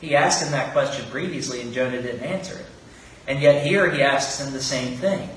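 The preacher's voice is medium-pitched and fairly bright, at a normal pace, as he gives an earnest expository sermon. Rhetorical questions and acted-out quotations fill his message, recorded far off in a very echoey room with faint background noise.

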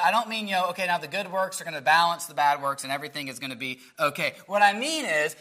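A man's voice: high voice, bright, forceful tone. A man preaching a sermon, asking rhetorical questions in an earnest, explaining way. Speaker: pastor.

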